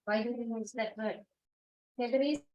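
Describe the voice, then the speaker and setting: A woman's voice: on the high side, a little fast, lo-fi sound. A woman teacher prompting her pupils in class with firm, short instructions.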